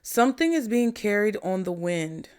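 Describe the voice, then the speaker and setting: A woman's voice: mid-range voice, big pitch swings, darkish tone, clean tone. A woman vlogger giving a casual spiritual talk to her viewers, calling them y'all and child in a chatty way. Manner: slow, drawn-out delivery. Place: home indoors.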